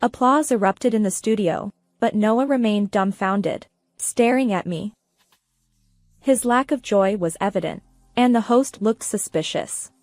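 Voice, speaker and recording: A woman narrating a first-person revenge story in a steady, even manner. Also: mid-range voice, measured pace, no room sound, clean studio sound, soft background music.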